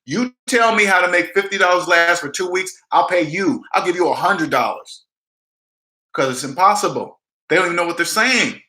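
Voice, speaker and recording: His voice sits high, bright and forceful, at normal speed, echoing around the room. This debt advice vlogger talks casually on a live stream, handing out blunt, emphatic money advice, repeating himself, and acting out whoever he quotes.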